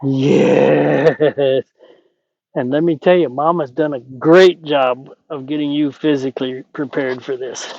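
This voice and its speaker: A man working as a horse trainer, calmly explaining while talking gently and soothingly to a horse outdoors. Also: mid-range voice, slow pace, creaky, no echo, dull audio. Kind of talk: training commentary.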